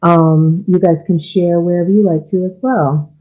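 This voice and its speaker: A woman's voice: lowish voice, steady tone, moderate pace, muffled recording. A woman hosting a live-streamed talk show about love and relationships, chatty and laughing often. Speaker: host.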